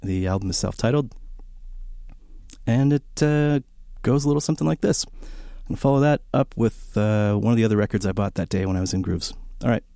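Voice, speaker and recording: A man's voice: fairly low pitch, brisk, creaky, dry recording, clean studio sound. A man hosting a college radio record show, chatting casually and enthusiastically between songs with lots of fillers. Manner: rambling and enthusiastic, many fillers, animated storytelling. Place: small radio studio. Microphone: studio broadcast microphone.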